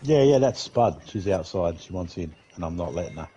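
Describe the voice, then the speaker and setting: Deep-voiced laid-back man. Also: expressive, brisk, warm tone, dull audio, a little hiss or hum. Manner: laid-back, easygoing banter. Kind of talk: casual gaming chat.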